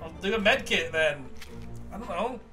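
A man's voice: high-pitched, lively intonation, normal speed, over music. A man hosting a let's play of a survival game, reading its text aloud with mock drama and joking at his own slips. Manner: jokey, reads game text with mock drama, laughs at himself.

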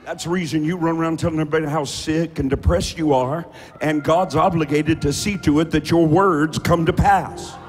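A man pastor preaching a sermon, building to sung, shouted cadences with repeated rhetorical questions, in a church with music behind. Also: a little high, fairly even intonation, moderate pace. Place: church sanctuary.

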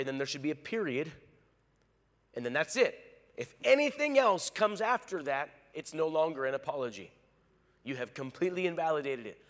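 A male pastor preaching a sermon, animated, acting out quoted lines. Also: mid-range voice, normal speed, pauses often, long reverb tail. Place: large church hall.

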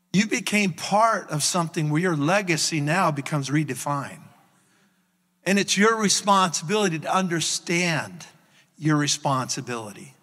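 A man preaching a sermon as pastor, animated in his storytelling. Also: sits high, long reverb tail. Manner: animated storytelling, acts out his own reactions. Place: church sanctuary.

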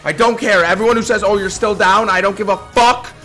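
A young man streaming slots live to his chat, swearing constantly and bursting into screaming hype, his voice going hoarse. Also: sits high, fairly even intonation, fairly quick, pushed and bright. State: losing his voice. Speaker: gambling streamer. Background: faint slot game music.

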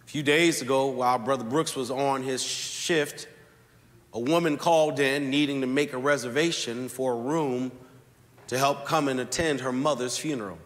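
A man preaching a sermon as pastor, telling a story slowly and leaning hard on key words. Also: medium pitch, fairly even intonation, fairly bright tone. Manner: storytelling preacher with slow, deliberate emphasis. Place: church sanctuary. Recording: long reverb of a large church hall.

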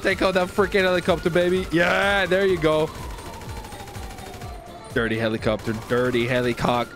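A young man streaming improvised game role-play, excitable and panicky, who often swears. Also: fairly high pitch, normal speed, music in the background.

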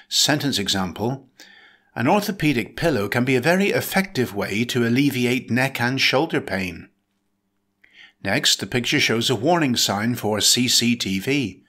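Bright, lively male vocabulary narrator. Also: mid-range voice. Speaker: vocabulary teacher. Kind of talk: scripted dictionary narration.

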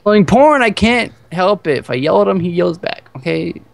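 A man with a gravelly, fry-edged voice trades crude jokes with his co-player while gaming. His pitch swings widely as he teases, and the sound comes through a headset voice chat. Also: moderate pace, no room sound. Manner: swearing, teasing, animated. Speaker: gaming channel co-host. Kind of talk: casual gaming banter.

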